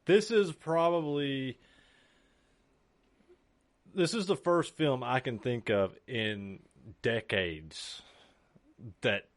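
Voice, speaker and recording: A man's voice: medium pitch, very slow, pauses often. A man co-hosting a movie podcast in casual chat, emphatic and swearing freely. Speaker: podcast co-host.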